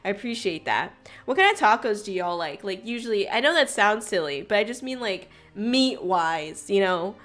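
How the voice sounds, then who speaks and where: A young woman hosting a casual livestream, bubbly and chaotic, greeting her chat loudly and laughing often. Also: medium pitch, expressive, moderate pace, faint music behind. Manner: frequent laughter. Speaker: streamer host.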